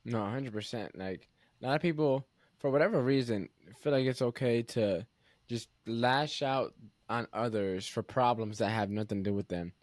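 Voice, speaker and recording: A man's voice: medium pitch, moderate pace, no echo. A young man hosting a casual interview, talking loosely with many fillers into a close mic. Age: young adult. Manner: loose, filler-heavy, says "like" often. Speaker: podcast host.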